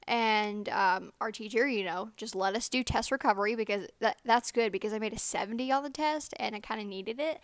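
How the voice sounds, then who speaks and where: A teenage girl tells a storytime vlog in a rambling, animated way, restarting her sentences as she goes. Her voice is bright and a little high. The sound is close and dry. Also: no room sound. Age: teens. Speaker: vlogger. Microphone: own microphone.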